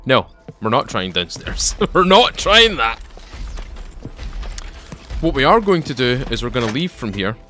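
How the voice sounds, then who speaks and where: A man's voice: mid-range voice, big pitch swings, measured pace, long pauses, sharp tone, faint music behind. A man hosting a let's play, chatting and joking as he plays and talking back to the enemies on screen. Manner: chatty, jokey, talks to game enemies. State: tired. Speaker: gaming channel host.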